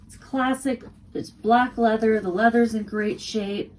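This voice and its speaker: A woman's voice: a little high, fairly even intonation, a little slow, a little mellow, slight background noise. Chatty woman with a light Texas accent. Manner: chatty, thinks aloud, self-correcting. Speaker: online reseller. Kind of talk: casual chat while packing orders.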